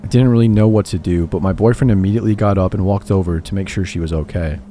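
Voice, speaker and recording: A man giving a scripted narration of horror stories in a measured, steady reading. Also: sits low, slight background noise. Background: faint background music.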